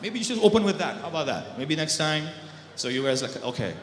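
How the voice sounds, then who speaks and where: Comic man working the room: high, bright voice that swings all over, teasing and chatty, echoey banquet hall. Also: very animated, brisk. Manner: teasing, chatty, laughs at own jokes. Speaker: stand-up comedian. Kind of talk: stand-up comedy with crowd work.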